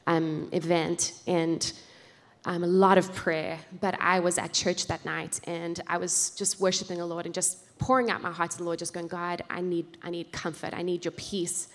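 A woman's voice: fairly low pitch, level tone, normal speed. A woman sharing a heartfelt testimony at a conference. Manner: earnest, heartfelt. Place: large conference hall. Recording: reverberant hall.

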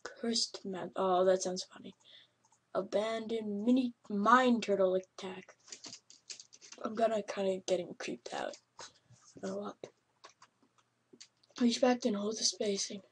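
Female gamer, mid pitch, yelps and laughs through unhurried let's-play commentary. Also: slight background noise. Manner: excitable, yelps and laughs at the game. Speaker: gameplay commentator.

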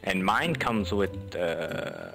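Laid-back low-voiced player haggling. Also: male voice, expressive, extremely slow, gravelly. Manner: casual, haggling, bro-talk. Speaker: player selling guns in voice chat.

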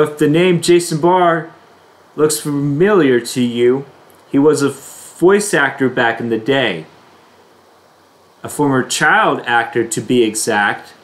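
A man hosting his own reaction video, reading his intro and verdict in a slow, deliberate, plain way. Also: medium pitch. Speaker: video reactor, channel host. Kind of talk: scripted reaction video narration.

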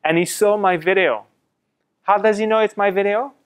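A middle-aged man from France gives a lively classroom talk, turning to his students with questions. His voice is fairly high and smooth, and it comes through a slightly fuzzy mic. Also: normal speed. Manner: lively storytelling, quotes others in acted asides. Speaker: guest speaker presenting to students.

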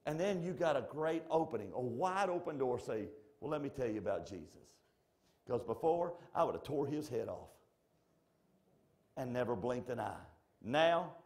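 A pastor preaching a sermon in a church, swinging from shouted lines to hushed, close asides. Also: male voice, mid-range voice. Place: church sanctuary.

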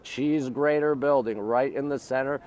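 A man's voice: mid-range voice, steady tone, moderate pace, a little mellow, a little hiss or hum. Man live-streaming a sightseeing tour outdoors. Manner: greets viewers by place, points out sights. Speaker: livestream host. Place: outdoors on a riverbank. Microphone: phone livestream.

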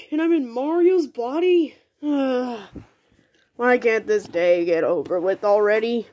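Brief: slow, mellow-voiced woman doing goofy homemade toy-cartoon voices, pitched a bit high. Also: expressive. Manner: playful, goofy, talks with many restarts. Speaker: toy cartoon creator voicing all the figures.

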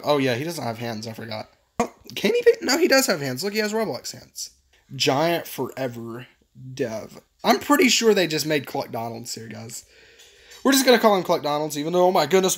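Excitable male gamer with lively pitch. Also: normal speed. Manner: excitable, exclamatory, playful. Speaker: gaming channel host. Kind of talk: video game commentary.

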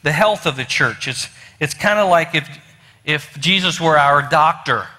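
A man's voice: a little high, expressive, measured pace, pushed and bright. A man with a West Virginian accent preaching a sermon as pastor, folksy and storytelling, with many fillers and restarts. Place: church sanctuary. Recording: long hall reverb.

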